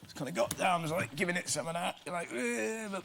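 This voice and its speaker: A man's voice: high-pitched, a little fast, vocal fry, fairly bright tone, slight background noise. A man from Bristol, a stand-up comedian, telling family anecdotes on a chat show, laughing and slipping into little voices. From Bristol, England. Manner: laughing storyteller, slips into voices.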